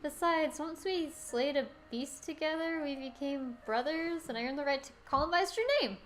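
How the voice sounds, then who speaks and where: A woman's voice: high voice, moderate pace, a bit bright, slight background noise. A woman reading the lines of a young woman knight, earnest and confused, in a let's play of a visual novel.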